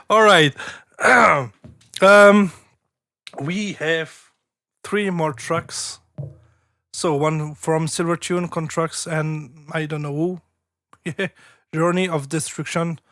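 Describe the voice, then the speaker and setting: A man's voice: on the high side, fairly even intonation, drawn-out words, pauses often, bright, forceful tone, no room sound, studio quality. A man hosting a live stream that reviews listeners' tracks, chatting casually, repeating words and breaking into giggles. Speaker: host reviewing submitted tracks.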